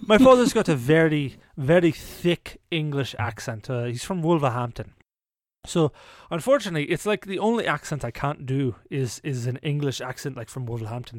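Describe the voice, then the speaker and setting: A man's voice: mid-range voice, dry recording. A man hosting a podcast, telling a story casually, laughing often and repeating words as he restarts his sentences. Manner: laughs often, stumbles and repeats words when starting a thought. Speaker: podcast host.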